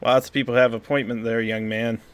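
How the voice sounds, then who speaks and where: A man's voice: medium pitch, level tone, brisk, voice pushed down, lightly acted. A man playing a male constable who acts as a gang enforcer, talking bluntly and with threat. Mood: threatening.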